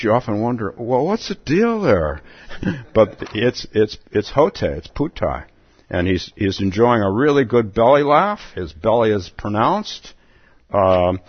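A man giving a relaxed dharma talk as a Zen teacher, chuckling often and repeating words as he goes. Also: lowish voice. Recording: dull lo-fi dry recording.

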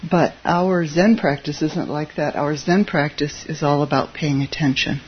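During a dharma talk, a Zen teacher speaks at a middling pitch with a steady tone and normal speed, easygoing and conversational, now and then chuckling at their own asides. The recording is a bit muffled and lo-fi, with a faint hiss beneath.

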